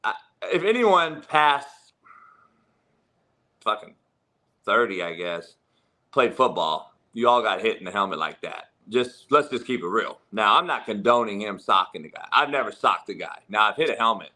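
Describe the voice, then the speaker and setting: A man's voice: lowish voice, sing-song, normal speed, bright, forceful tone. A middle-aged man hosting a sports talk show, blunt and profane, laughing often as he talks about coaching. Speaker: football coach and podcast host.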